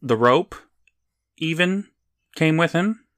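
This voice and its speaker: A man's voice: fairly high pitch, lively intonation, slow, a bit bright, dry recording, clean studio sound. A man co-hosting a podcast, chatting casually and making wry, joking asides. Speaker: podcast co-host. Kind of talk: casual chat.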